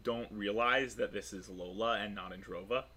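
A man narrating a tabletop role-playing game as game master, lively and animated. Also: fairly low pitch, moderate pace, husky.

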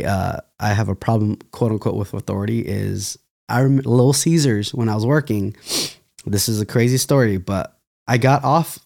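A man's voice: mid-range voice, gravelly, darkish tone. A young man from California, a dancer, telling stories loosely in a casual interview, laughing and restarting often. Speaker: podcast guest, dancer.

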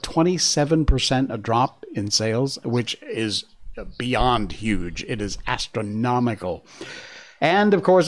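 A middle-aged man hosting an online news commentary show, emphatic and sarcastic, often laughing at the news he covers. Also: mid-range voice. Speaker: host. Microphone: studio mic with earpieces.

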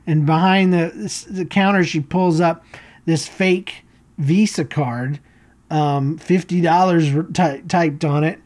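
A man's voice: a little high, steady tone, slow, a little mellow. A man in his forties hosting a podcast, telling a story in a rambling, self-mocking way. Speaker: podcast host. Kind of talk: casual storytelling.

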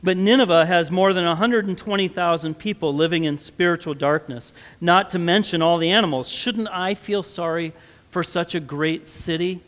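A man's voice: high-pitched, moderate pace, fairly bright tone. A man with a Midwestern American accent preaching a sermon, conversational and then rising to emphatic stresses. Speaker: pastor. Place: church sanctuary. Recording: long church reverb.

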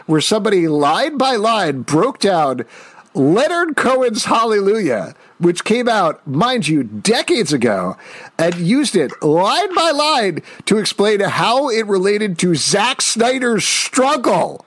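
Animated man with a lively voice. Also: high-pitched, slow, no room sound. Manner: animated, ranting, laughs and puts on silly voices. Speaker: podcast co-host. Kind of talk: casual chat.

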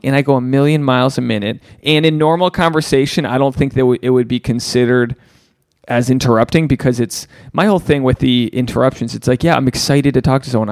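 A man hosting a podcast, giving casual advice and answering listener emails in an animated way, swearing freely and acting out the voices he quotes. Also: mid-range voice, creaky, no room sound, studio quality. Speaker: podcast host.

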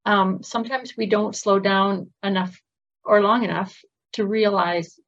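A woman's voice: mid-range voice, fairly even intonation, measured pace, vocal fry, a bit bright, muffled recording. A woman interviewer responding in casual chat, affirming, with fillers and light laughs.

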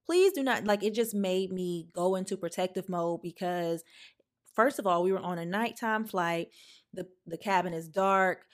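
A young adult woman hosting a podcast, telling a personal story with emphatic, animated delivery. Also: on the low side, moderate pace. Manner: animated, emphatic, acts out quoted lines. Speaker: podcast host.

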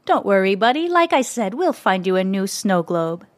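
Woman doing comforting storybook mom, soft and kind. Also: big pitch swings, moderate pace, dry recording, close to an everyday voice. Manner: soothing, higher and brighter. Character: gentle, comforting mother.

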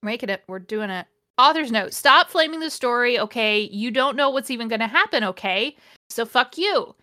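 A woman hosts a podcast and reads a fanfiction aloud, stopping often to mock it. Her voice sits a little high and sounds very bright. She is dry and sardonic, groaning at the worst parts. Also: expressive, moderate pace. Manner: sardonic, groaning and laughing at the text. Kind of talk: casual comedic read-along.

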